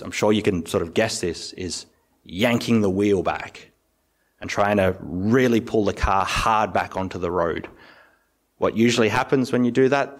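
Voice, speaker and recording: A male Buddhist monk giving a calm, explanatory meditation talk with everyday analogies. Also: low-pitched.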